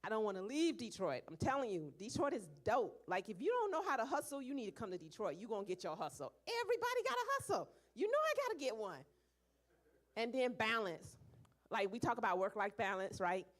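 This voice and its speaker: A young woman speaking at a church leadership meeting, lively and animated, acting out little voices in her stories. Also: medium pitch, fairly quick.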